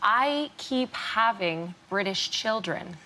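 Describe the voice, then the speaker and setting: A woman, a comedian on a panel show, with a playful deadpan style. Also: mid-range voice, takes it slowly. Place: TV studio with live audience. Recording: loud audience and studio noise.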